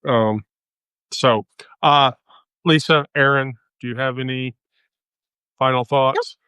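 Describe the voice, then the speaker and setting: A woman hosting a live stream, telling a story in casual chat, animated and profane, laughing often. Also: rumbling low, slow, clean tone, no echo.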